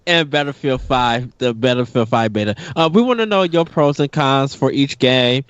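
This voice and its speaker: A man's voice: medium pitch, expressive, moderate pace, clean tone, dry recording, dull audio. A man hosting a casual gaming podcast, upbeat and laughing often, rambling with fillers. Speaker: podcast host.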